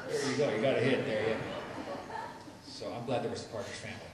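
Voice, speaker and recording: Rambling comedian in an echoey noisy room. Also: male voice, mid-range voice, fast talker, recorded from a distance. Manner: rambling, self-deprecating, stammering restarts. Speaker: stand-up comedian. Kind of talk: stand-up comedy set. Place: live comedy venue.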